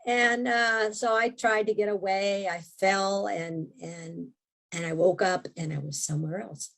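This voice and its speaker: Gravelly-voiced woman telling a story. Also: medium pitch, steady tone, unhurried. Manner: vivid storyteller, frequent restarts, quotes her own thoughts. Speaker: podcast guest, memoir author. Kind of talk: casual storytelling in an interview.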